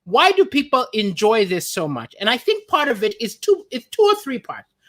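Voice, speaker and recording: A male comedian hosts a casual livestream from home, reading viewer comments aloud and riffing on them. His delivery is animated and playful, and his voice jumps up in pitch for emphasis. It sounds like a webcam or phone mic in an indoor room. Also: normal speed.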